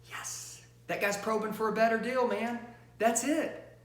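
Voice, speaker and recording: A high-voiced man coaches salespeople with loud, emphatic energy, pushing his points hard. His voice rings in a roomy, echoing space. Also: steady tone, unhurried, slight background noise. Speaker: sales trainer. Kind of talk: motivational sales training talk. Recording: roomy echo.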